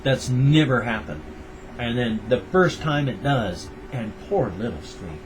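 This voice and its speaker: A man's voice: mid-range voice, animated, a little slow, noisy background. An older American man rambling in a casual daily vlog, tender and repetitive as he talks about his pets. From United States. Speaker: vlogger.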